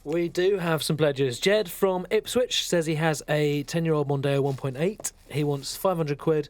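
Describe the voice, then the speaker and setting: A man's voice: fairly high pitch, normal speed, no room sound. A man working as a radio host's sidekick, answering in a dry, matter-of-fact way. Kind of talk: radio studio banter.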